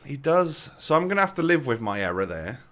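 A man hosting a casual gaming video, playful and quick to laugh as he chats with his guest. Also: medium pitch, big pitch swings, fairly bright tone. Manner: playful, laughs often, brisk. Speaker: host.

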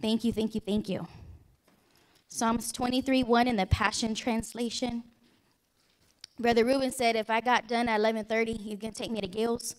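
A woman's voice: a little high, steady tone, moderate pace. Chatty woman pastor preaching, drawl. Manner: chatty, joking asides, call-and-response questions to the congregation. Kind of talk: sermon. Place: church sanctuary.

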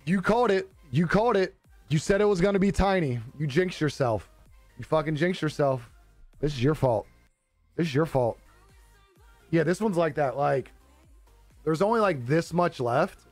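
A man's voice: a little high, moderate pace, no echo. A young man on a live stream chatting casually with viewers, laid-back and joking, swearing freely and laughing often. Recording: dry close-mic with faint music behind.

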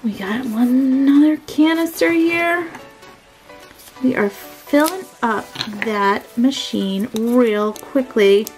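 A woman's voice: sits high, takes it slowly, a little mellow, faint music behind, rough recording. A woman narrating a toy unboxing in a sweet, gushing, sing-song way.

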